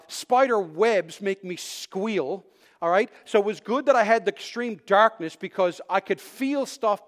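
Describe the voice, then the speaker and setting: A man preaching a sermon, telling a personal story with animated delivery that swings between loud bursts and hushed tones, sometimes restarting words. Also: sits high. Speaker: pastor.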